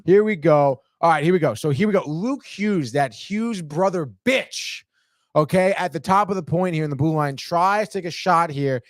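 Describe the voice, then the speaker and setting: A man hosting a sports podcast, breaking down game highlights in an excitable, profane way and saying "dude" constantly. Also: normal speed, dry recording, studio quality.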